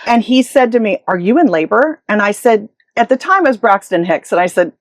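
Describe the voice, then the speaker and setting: Brief: woman in her forties, real estate agent, lively storyteller who acts out dialogue, dry close sound. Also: medium pitch, brisk, no echo. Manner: animated, acts out quoted dialogue. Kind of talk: interview storytelling.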